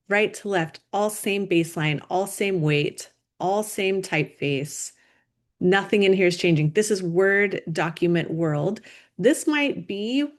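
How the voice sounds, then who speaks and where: A woman instructor giving a recorded lecture over slides, explaining clearly and deliberately, stressing key words. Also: medium pitch. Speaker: design instructor.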